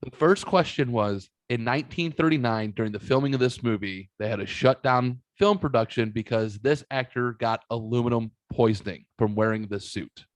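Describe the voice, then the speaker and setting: A man in his thirties tells a rambling, profane story on his podcast and acts out every voice in it. His voice sits mid-pitch, and the recording is close and dry, with no room echo. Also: normal speed, hardly any pauses. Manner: profane, animated storyteller acting out quotes. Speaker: podcast host. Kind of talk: casual storytelling.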